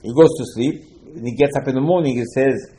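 A man teaching a religious lesson in slightly non-native English, emphatic and repetitive, with sharp swings between loud and quiet. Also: medium pitch, quick pace, slight background noise. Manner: emphatic, repeats key points, swings between loud and soft. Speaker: rabbi giving a Torah lesson. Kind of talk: religious lecture.

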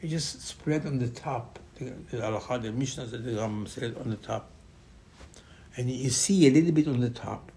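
A man giving a Torah lesson, telling the story in lively dialogue and repeating key phrases for emphasis. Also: medium pitch, normal speed. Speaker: rabbi.

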